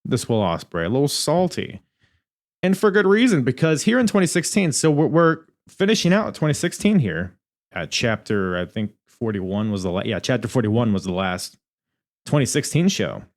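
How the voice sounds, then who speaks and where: A young man hosting a podcast, reviewing in a casual, animated way, swearing and laughing at his own asides. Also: mid-range voice, moderate pace. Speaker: podcast host.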